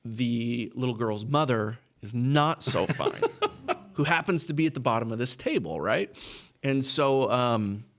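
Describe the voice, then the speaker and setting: A man's voice: medium pitch, a little slow. A man from Texas casually telling a story as a podcast guest. He chuckles through his anecdotes and keeps checking in with "right?". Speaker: podcast guest, business owner.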